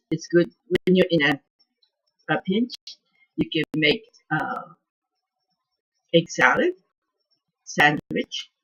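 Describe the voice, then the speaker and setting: Soft-spoken, husky woman chatting while cooking. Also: low voice, dull audio. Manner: rambling, chatty, trails off with "I don't know". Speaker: cooking channel host. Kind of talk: casual cooking vlog. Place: home kitchen.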